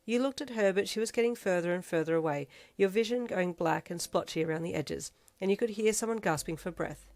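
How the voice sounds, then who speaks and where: A woman reading fan fiction aloud in second-person narration, with steady, even storytelling. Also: fairly low pitch, brisk, few pauses. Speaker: reader.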